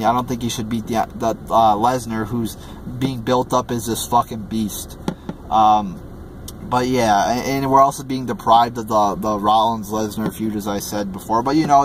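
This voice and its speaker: Guy ranting about wrestling, swears a ton, keeps restarting, bit of hiss behind. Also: medium pitch. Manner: profane and exasperated, heavy swearing, many fillers and restarts. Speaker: wrestling show reviewer. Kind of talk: ranting video review.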